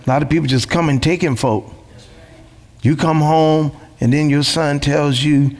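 A man's voice: fairly high pitch, steady tone, normal speed, a little mellow, in a large hall. A man preaching a sermon as pastor, emphatic, repeating phrases and asking rhetorical questions.

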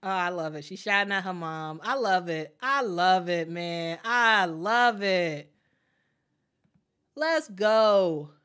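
A woman hosting a casual live watch party, chatty and excitable, often repeating her phrases and reading viewer comments aloud. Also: on the low side, measured pace, hardly any pauses, clean tone. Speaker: host of a draft watch party stream.

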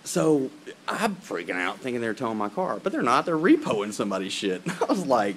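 A man's voice: medium pitch, wildly swooping pitch, normal speed, fairly bright tone, slight background noise. A man ranting casually to camera as a vlogger, profane and laughing, drifting off topic outdoors in the rain. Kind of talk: rambling casual rant to camera.

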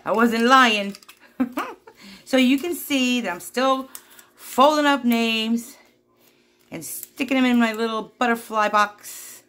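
A woman craft vlogger at home, chatting casually to viewers in a giddy, excitable, giggly way. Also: a little high, takes it slowly, pauses often. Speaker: craft vlogger hosting a giveaway.

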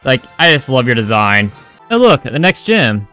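A man's voice: medium pitch, very animated, normal speed, bright, forceful tone, soft background music. A man giving sarcastic, crude, joking commentary over his game playthrough. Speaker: gaming video creator.

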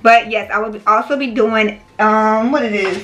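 Chatty bright-voiced woman vlogger. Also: on the high side, steady tone, normal speed, slight background noise. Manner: chatty, talks straight to viewers, frequent "y'all" and "baby". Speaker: small business owner and vlogger. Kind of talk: casual chat to viewers.

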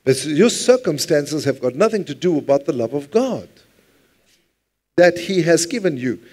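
A man's voice: a little high, big pitch swings, moderate pace, darkish tone. A man preaching a sermon at church, speaking conversationally, often repeating words and asking the congregation to answer back. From South Africa. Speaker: pastor.

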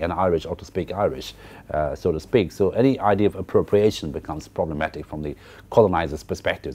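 A man's voice: low voice, darkish tone, husky. A man giving a literature lecture, explaining a novel in a hesitant, explanatory way. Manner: hesitant, many fillers and restarts, explanatory. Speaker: university lecturer. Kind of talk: literature lecture with text reading.

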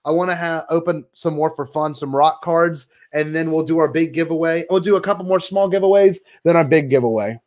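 A young man co-hosting a livestream, opening trading cards with nervous, laughing excitement. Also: fairly high pitch, fairly quick, few pauses, no room sound, clean studio sound. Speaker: podcast co-host.

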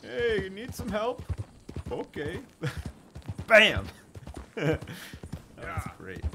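A man's voice: sits high, big pitch swings, extremely slow. A man casually commenting on his gameplay during a live stream, wry and muttering, swearing freely. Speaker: game streamer. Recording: streaming mic with clear noise.

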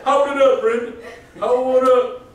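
Joking preacher in an echoey hall. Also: male voice, very high-pitched, fairly even intonation, a little slow, a little hiss or hum. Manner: joking, asks the congregation questions. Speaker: pastor. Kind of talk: folksy sermon. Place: church hall. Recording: echoey hall, distant mic.

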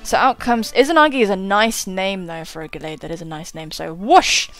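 Over soft background music, a gaming YouTuber talks through a game battle in a brisk, medium-pitched, fairly bright voice. The young woman keeps it casual and chatty, frequently swearing, laughing, and poking fun at her own plays.

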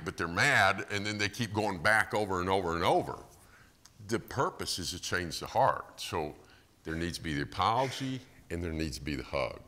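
A middle-aged man preaching a sermon in a church, telling stories with animated acted-out quotes and chuckles. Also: low-pitched.

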